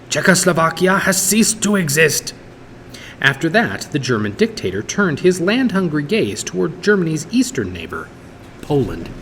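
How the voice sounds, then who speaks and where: A man's voice: medium pitch, long reverb tail, a little hiss or hum. A man reading a history textbook chapter aloud like a teacher, with the odd stumble and self-correction. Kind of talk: read-aloud textbook narration.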